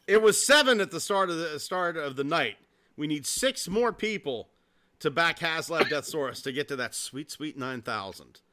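A man in his forties co-hosting a casual podcast, excitable and swearing freely, with frequent laughs. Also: a little high, moderate pace. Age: 40s. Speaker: podcast co-host. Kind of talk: casual chat.

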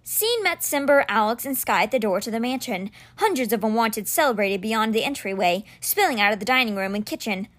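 A woman reading a novel aloud chapter by chapter, with expressive storybook narration. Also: a little high, a little fast, hardly any pauses. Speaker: audiobook reader.

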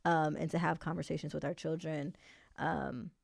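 A woman hosting a casual interview, speaking reflectively with frequent pauses and ums. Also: low-pitched, flat delivery, creaky, no room sound, studio quality. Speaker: podcast host.

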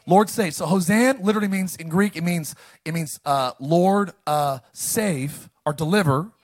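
A man preaching a sermon as pastor, reading scripture and calling the congregation to repeat after him, with sudden loud, animated bursts. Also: fairly high pitch, normal speed. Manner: call-and-response, animated with sudden loud lines.

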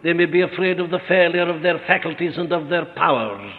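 A man preaching an expository sermon, earnest and emphatic, slowing down to stress his points. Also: a little high, animated. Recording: echoey hall on a tinny narrow-band recording.

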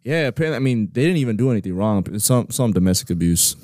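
A man in casual chat, laid-back and low-key as he tells a short story. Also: lively intonation, fast, mellow, no echo, studio quality.

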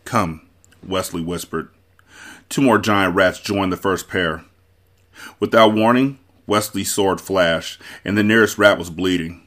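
A man with a low voice reads a novel aloud for his book club podcast. He tells the story in a measured, steady way.

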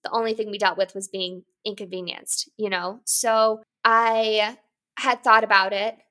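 A woman's voice: mid-range voice, flat delivery, a little slow, bright, forceful tone. A woman in her twenties, a climber, talking openly in an interview in a candid, thoughtful way, often saying "you know" and "like". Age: 20s. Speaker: guest, competitive climber. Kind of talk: reflective interview talk.

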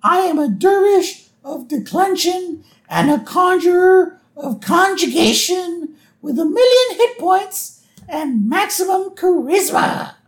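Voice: very high-pitched, lively intonation, slow pace, pitched above the performer's own voice, full character voice. A podcast host voicing a pompous young boy playing a wizard, declaiming grandly. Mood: grandiose. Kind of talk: podcast episode recap.

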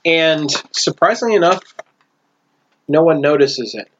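Guy running a tabletop game, kinda high voice, rambly, muffled with faint hiss. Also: expressive, measured pace, a bit bright. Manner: rambling, self-correcting. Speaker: game master. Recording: dull lo-fi recording with faint hiss.

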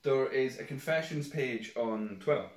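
A man's voice: medium pitch, moderate pace. A man, co-hosting a casual podcast, swearing freely and laughing through his stories. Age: 20s. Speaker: podcast co-host. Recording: roomy, mic at a distance.

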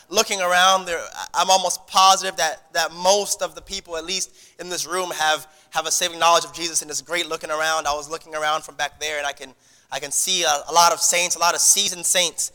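A man's voice: on the high side, bright, forceful tone, long reverb tail. A man preaching a sermon to his congregation in a conversational style, repeating words and restarting phrases as he goes. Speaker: pastor. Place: church sanctuary.

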